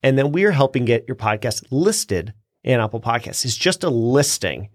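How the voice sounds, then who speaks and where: A man's voice: medium pitch, sing-song, normal speed, no room sound, clean studio sound. A man co-hosting a podcast, explaining things step by step in casual chat and laughing easily. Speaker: podcast co-host.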